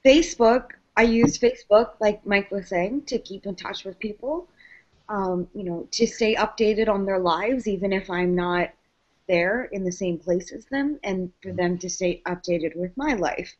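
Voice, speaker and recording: A woman's voice: medium pitch, unhurried, a little mellow. Dry, sarcastic woman guest. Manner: dry, sarcastic, listing points. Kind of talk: casual panel discussion. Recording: dull lo-fi sound.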